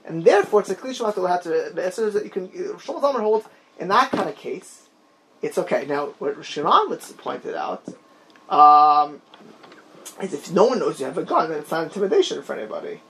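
Man, torah class teacher, lively swooping pitch, digressive, faint hiss. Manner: animated, digressive, quick bursts of storytelling. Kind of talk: informal Talmud class discussion.

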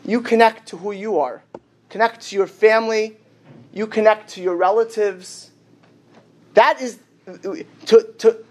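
Male rabbi, animated storyteller; sermon voice that slips into the characters' lines. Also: high voice. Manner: animated storyteller, acts out the dialogue.

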